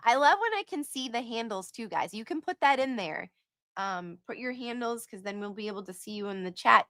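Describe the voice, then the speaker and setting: A woman hosts a casual livestream, reading out donors and their messages with lively asides. Her voice sits a bit high and sounds bright and forward. The sound is dry and close, with no room around it. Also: no echo. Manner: animated, reads donor names and messages aloud with quick asides. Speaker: livestream host.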